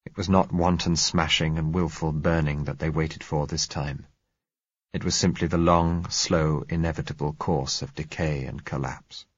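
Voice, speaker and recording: A man reading a first-person novel aloud as narrator, measured and somber. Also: a bass voice, steady tone, breathy edge, dry recording. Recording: dry, slightly dull audio.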